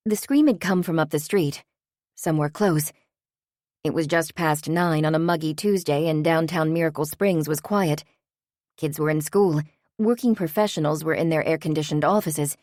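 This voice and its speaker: A woman narrating a novel in a steady, even audiobook reading. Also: sits low, dry recording, clean studio sound.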